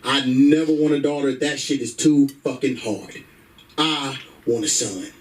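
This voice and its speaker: A man's voice: mid-range voice, fairly even intonation, unhurried, far from the mic, low-quality recording. A man doing a stand-up comedy set on a comedy club stage through a stage microphone, telling stories in a brash, profane way.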